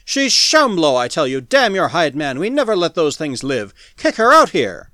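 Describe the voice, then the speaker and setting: A man reading a story aloud and voicing an angry male ex-patrolman who leads a mob, shouting his demands in a high, loud voice. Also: brisk, clean tone, no room sound, studio quality, close to an everyday voice. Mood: furious.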